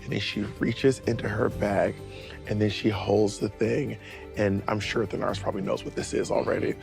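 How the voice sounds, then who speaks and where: A man playing a tabletop game, describing his character's actions in a relaxed, rambling way. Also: lowish voice, moderate pace, creaky. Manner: relaxed, rambling narration with fillers. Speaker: player. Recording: faint music underneath.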